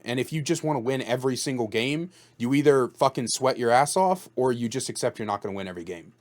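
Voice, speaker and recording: Blunt, cussing male podcast host. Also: medium pitch. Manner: blunt, swears freely, says "dude" and "bro". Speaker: host interviewing a guest. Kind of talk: casual gaming podcast chat.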